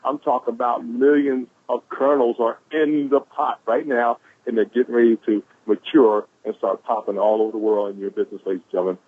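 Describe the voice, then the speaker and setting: A man giving an energetic motivational talk on a conference call, repeating "ladies and gentlemen" and whooping. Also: medium pitch, a little fast, few pauses. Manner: exuberant, shouts "woo", repeats "ladies and gentlemen". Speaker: caller sharing quotes. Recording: phone-line conference call.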